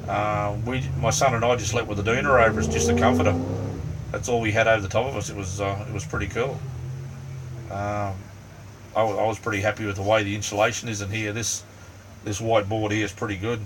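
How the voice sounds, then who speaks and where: Laid-back Australian man, low voice. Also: level tone, a little fast. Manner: rambling, easygoing, full of ums and "mate". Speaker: livestream host. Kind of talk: casual live chat with viewers. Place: inside a small camper van. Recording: distant mic, faint fan hum. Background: fan running.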